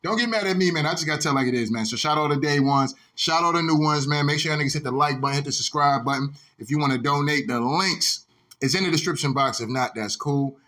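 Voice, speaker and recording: A high-pitched man rants about his sport like a fired-up host. His voice is bright and forceful, and he talks heated and profane, circling back to the same points over and over. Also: fast. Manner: heated, repetitive, profane, keeps saying "dog". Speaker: sports vlogger. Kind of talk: ranting sports commentary.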